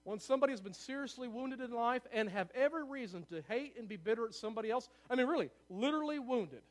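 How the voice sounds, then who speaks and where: Preaching in a church sanctuary, a pastor speaks in an unusually high voice. He talks fast, grows visibly excited, and keeps checking in with the room for agreement.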